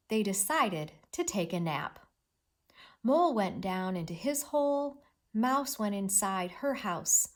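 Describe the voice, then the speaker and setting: A woman teacher giving an expressive, encouraging read-aloud reading lesson with lots of emphasis. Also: medium pitch, unhurried.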